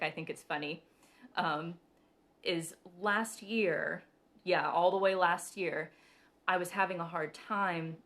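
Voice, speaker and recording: Giggly woman with a lowish voice. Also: fairly bright tone. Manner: chatty, giggly, many ums. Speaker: spiritual reader and host. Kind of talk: casual live-stream talk.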